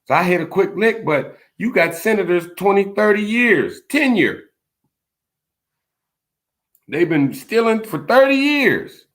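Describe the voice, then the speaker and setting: A man's voice: sits high, sing-song, a little slow, long pauses, fairly bright tone. A man speaking in a frustrated, impassioned monologue, repeating "man" often. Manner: frustrated, preachy, repetitive "man" tags. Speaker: vlogger.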